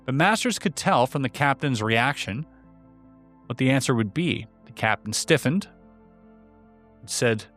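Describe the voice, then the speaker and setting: A man's voice: medium pitch, animated, a little slow, pauses often, fairly bright tone, faint music behind. A man hosting a show who reads a story aloud in a dry, wry way. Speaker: host and story reader. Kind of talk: story narration.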